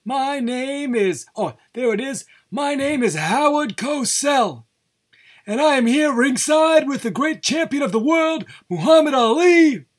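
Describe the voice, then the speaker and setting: Man imitating a brash older ringside boxing announcer, theatrical broadcast cadence, pitched way up. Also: expressive, unhurried. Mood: announcing.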